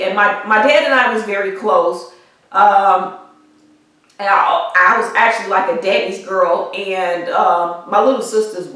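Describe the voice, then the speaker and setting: A woman vlogger tells an emotional personal story, halting and repeating herself as she works through grief yet keeps going. Her mid-range voice has a fairly bright tone but sits far from the weak built-in microphone, off-mic in an echoey room.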